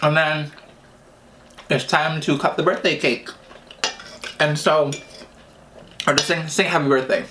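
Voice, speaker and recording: A man's voice: fairly high pitch, steady tone, unhurried, long pauses, pushed and bright, a little hiss or hum. A man vlogger telling a childhood story as he eats, rambling and restarting, laughing at his own tale. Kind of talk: storytime while eating.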